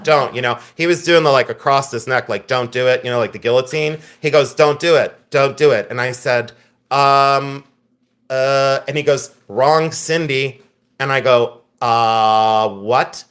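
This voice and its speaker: A man's voice: a little high, fairly bright tone. A man hosting a live online jewelry sale, telling a story and pricing items in a chatty way, laughing at himself. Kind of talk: casual live-stream selling chat.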